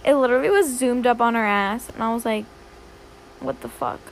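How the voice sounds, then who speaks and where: A woman's voice: fairly high pitch, brisk, gravelly, a little hiss or hum. A young woman hosting her own podcast, rambling and swearing a lot in a dramatic, casual chat. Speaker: podcast host.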